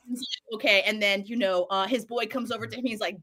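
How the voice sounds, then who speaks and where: A woman co-hosting, recapping a show in a casual, animated way, swearing and acting out lines. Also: on the high side, fairly quick, few pauses. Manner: animated, swears a lot, acts out quotes. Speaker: show co-host recapping a series.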